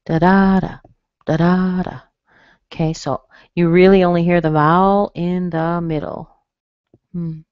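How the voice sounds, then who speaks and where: A woman running an online pronunciation class, taking her time and saying each word twice. Her voice sits a little low and close, with no room around it. The sound is a bit dull, like webinar audio. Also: steady tone, smooth, no room sound. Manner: slow, careful, repeats words for practice. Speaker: pronunciation teacher. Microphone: computer mic on a webinar.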